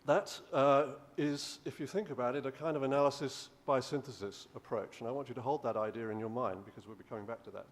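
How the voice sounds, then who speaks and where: A man's voice: mid-range voice, fairly even intonation, fast talker, few pauses. Man giving an academic lecture. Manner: explanatory, with frequent restarts and "uh". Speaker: professor and lecturer. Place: conference hall.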